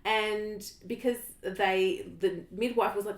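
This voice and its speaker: Woman podcast guest, animated storyteller, mid-pitched, roomy echo. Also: fairly quick. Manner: animated storytelling with quoted dialogue and frequent laughs. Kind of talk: casual chat.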